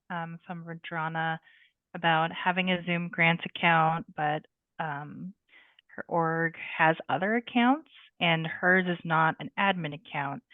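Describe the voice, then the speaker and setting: A woman's voice: fairly low pitch, dry recording. A woman moderating an online session, relaying a question from the chat in a hesitant way with many fillers. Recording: tinny phone-like line.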